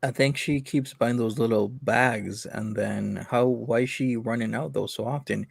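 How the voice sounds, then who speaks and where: A man's voice: medium pitch, steady tone, a little slow, vocal fry, husky, dry recording, clean studio sound. A man hosting a casual commentary chat, wry, reading viewer comments aloud. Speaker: host.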